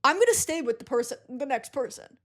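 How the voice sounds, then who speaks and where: A young woman co-hosting a casual comedy podcast, chatty and quick with asides, often laughing. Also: high voice, sing-song, a bit bright. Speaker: podcast co-host.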